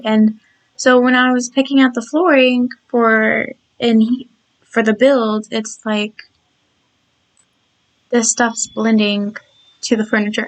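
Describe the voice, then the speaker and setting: A tired woman talks casually over her game-build video, her voice a bit croaky and scratchy. She sits a touch higher than most women. She rambles in a loose, chatty way, with plenty of restarts. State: tired and yawning.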